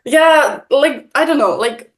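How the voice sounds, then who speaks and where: A woman's voice: high voice, takes it slowly. An Estonian woman with an accent between American and British English, chatting animatedly as a guest and using many fillers. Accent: mix of American and British English. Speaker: guest, content creator. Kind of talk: casual conversation.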